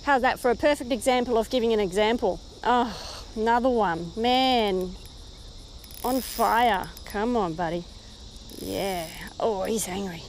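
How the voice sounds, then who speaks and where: Outdoors by the water in the rain, an Australian woman fishing keeps up a casual running commentary for her vlog, talking to the fish and getting very excited over a catch. Her voice is on the high side and unhurried, with a little hiss or hum.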